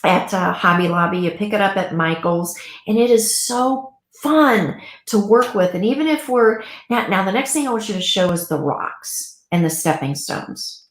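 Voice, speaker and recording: A woman co-hosting a talk show, chatting in an animated, gushing way about crafts for grieving children. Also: medium pitch, moderate pace, reverberant. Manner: warm, animated, gushing storyteller. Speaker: pet loss guide and co-host. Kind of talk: casual talk show chat.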